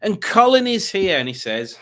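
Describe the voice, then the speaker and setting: A man's voice: high-pitched, very animated, moderate pace, fairly bright tone. A man hosting a quiz livestream, chatting casually and reading viewer comments aloud with rambling, self-mocking asides. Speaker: quiz host.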